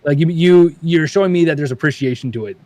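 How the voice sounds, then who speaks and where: A man's voice: a little high, fast, dark tone, no echo. A man guest on a podcast, chatting casually and animatedly, acting out quoted voices as he tells stories. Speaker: paintball YouTube creator, guest.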